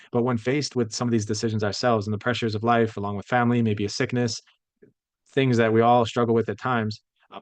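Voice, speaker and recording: A man's voice: lowish voice, no room sound. A man lecturing to a class as a professor, conversational and reflective, often correcting himself mid-thought.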